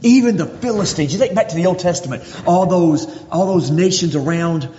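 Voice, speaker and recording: A male preacher delivering an expository sermon, reading verse after verse and speaking God's words in a raised, fairly high voice. The recording is dull and lo-fi, with a long reverb tail from a large hall. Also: a little fast, dark tone.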